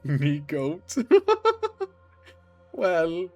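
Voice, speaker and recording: A man streaming a visual novel, reading every character's lines aloud and breaking off into excited asides. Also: high-pitched, extremely slow. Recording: faint music behind.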